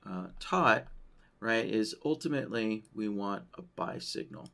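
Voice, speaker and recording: A man walking through a trading-software tutorial on a screen share, thinking aloud and checking in with "right?" as he goes. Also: on the low side, animated, unhurried, gravelly. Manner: loose, thinking aloud, frequent "right?" tags. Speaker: software trainer.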